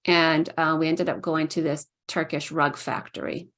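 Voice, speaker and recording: A woman's voice: low voice, little pitch movement, normal speed, fairly bright tone. A middle-aged woman telling stories casually as a podcast guest, chatty, with many "like"s. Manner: chatty, fills speech with "like", puts on voices for quoted people. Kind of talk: casual storytelling.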